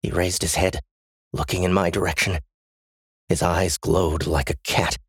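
A man's voice: low voice, little pitch movement, a little slow, breathy edge, dry recording, clean studio sound. A man narrating a first-person story as an audiobook, in a tense, dramatic reading.

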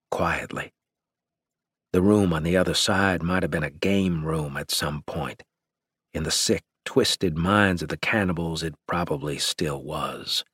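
A man narrating a first-person story in a grim, measured audiobook reading. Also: sits low, a bit bright, breathy edge, dry recording, studio quality.

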